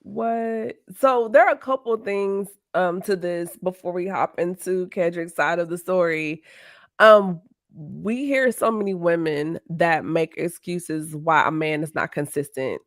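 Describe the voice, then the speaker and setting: A woman with a somewhat low voice hosts a casual podcast interview. She reacts with emphasis and steers the talk forward. The recording is dry, with little room sound. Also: a little slow, no echo. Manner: reacts emphatically, guides the conversation. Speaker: podcast host.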